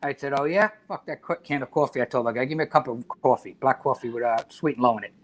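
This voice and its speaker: A middle-aged man, a podcast guest telling profane, animated stories in casual chat. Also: medium pitch, quick pace, slight background noise. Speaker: podcast guest, retired fire chief.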